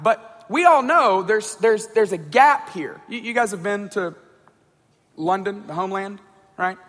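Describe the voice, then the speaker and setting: A man with a high voice gives a casual talk to a group, stumbling over words and often checking in with his listeners. His voice carries a long hall reverb. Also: moderate pace, a bit bright. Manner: conversational, repeats words, checks in with "right?" and "okay?". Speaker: speaker addressing a group. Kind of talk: informal talk on communication.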